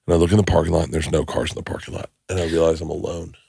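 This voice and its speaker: Middle-aged guy on a podcast, low gravelly husky voice, telling a story all emotional and laughing. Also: level tone, very fast, dark tone, no room sound, studio quality. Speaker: podcast host. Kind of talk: casual storytelling chat.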